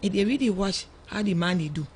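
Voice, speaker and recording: A woman speaks in a Sierra Leonean Krio accent, a mother recounting events as a guest on a radio show. She tells it in an animated way and acts out the voices of others. Her voice sits at an ordinary middle pitch, with a faint hiss of noise behind it. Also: a little fast. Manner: animated storytelling, acts out quoted dialogue. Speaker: mother of a young girl, guest. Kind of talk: emotional first-person account on radio. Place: radio studio.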